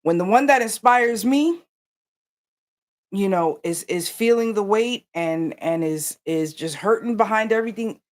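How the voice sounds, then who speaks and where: A woman's voice: mid-range voice, a little slow. A woman co-hosting a casual livestream chat, telling stories animatedly and talking straight to her viewers. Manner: animated storyteller, addresses viewers directly. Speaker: yarn company co-host.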